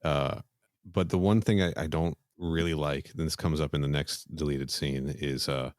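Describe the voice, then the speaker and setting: Deep-voiced man in casual podcast chat. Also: steady tone, normal speed, no echo, clean studio sound. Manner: chatty, recaps scenes with many fillers. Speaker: podcast co-host.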